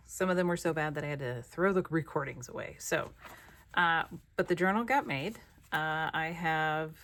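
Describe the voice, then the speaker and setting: A woman hosting a craft channel who chats casually while she crafts, self-deprecating and thinking aloud. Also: low voice.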